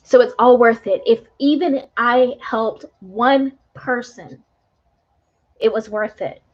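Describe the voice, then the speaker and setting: A woman's voice: fairly high pitch, takes it slowly. Earnest woman on a lo-fi stream. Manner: earnest and emotional, tag questions like "right?". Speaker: tarot reader. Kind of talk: live stream talk to viewers.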